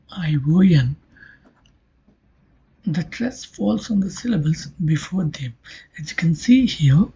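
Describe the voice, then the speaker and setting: Slow, husky woman lecturing. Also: lowish voice, mellow. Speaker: linguistics lecturer. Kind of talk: recorded lecture. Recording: dull lo-fi recording.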